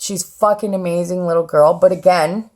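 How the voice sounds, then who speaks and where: A woman's voice: on the low side, steady tone, moderate pace, a little mellow. A woman in her thirties telling her life story on her own channel, blunt and profane, acting out what others said. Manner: blunt and profane, acts out quoted voices. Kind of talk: candid personal storytelling.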